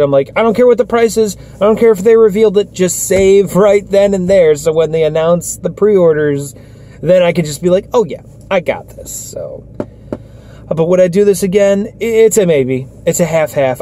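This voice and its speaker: A man's voice: mid-range voice, mellow, a little hiss or hum. A tired, worn-out young man vlogging casually into his phone camera, rambling with lots of fillers and restarts. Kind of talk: casual vlog talk.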